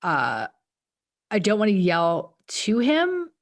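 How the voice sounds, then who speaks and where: A woman co-hosting a podcast in casual chat, telling stories in an animated way and acting out her own lines. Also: medium pitch, takes it slowly. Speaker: podcast co-host.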